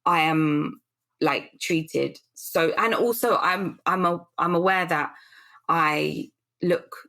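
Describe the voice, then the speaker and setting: A woman in her thirties speaks with a low, gravelly voice. She tells her story in an earnest, rambling podcast conversation. She restarts often and acts out what people said to her. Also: slow, a bit bright. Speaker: podcast guest, business founder.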